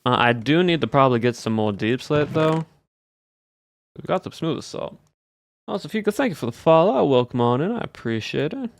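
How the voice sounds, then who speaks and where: A man's voice: fairly high pitch, expressive, a little fast, vocal fry. A game streamer chatting casually with viewers in a put-on Southern US drawl, easygoing as he plays. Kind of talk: casual live-stream chat while playing.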